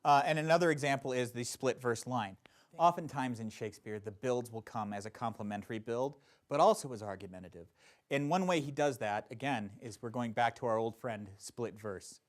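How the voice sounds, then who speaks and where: A man teaching a Shakespeare acting class, explaining verse in an animated way with playful asides. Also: mid-range voice, fairly quick. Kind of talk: classroom instruction.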